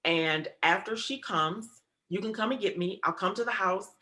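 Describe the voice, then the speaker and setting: A woman hosting an interview over a video call, talking with deep emotion and fighting back tears. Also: normal speed, sharp tone. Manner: tearful, fighting to hold back crying. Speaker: interview host.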